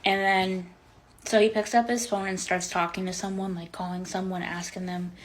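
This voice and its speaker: A woman's voice: mid-range voice, little pitch movement, moderate pace, slight background noise, poor audio. A young woman telling a dating story to camera, chatty and filled with "like" and "um," retelling the quotes with drama. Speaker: vlogger. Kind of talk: casual storytime.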